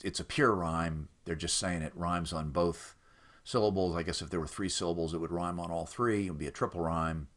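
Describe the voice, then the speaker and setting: A man with a low, deep voice gives a loose, unscripted walkthrough of websites. He explains each step plainly, sounds mildly skeptical of what he finds, and pauses often with "uh". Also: a bit bright. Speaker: website presenter for a rhyming site. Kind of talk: casual screen-recorded walkthrough.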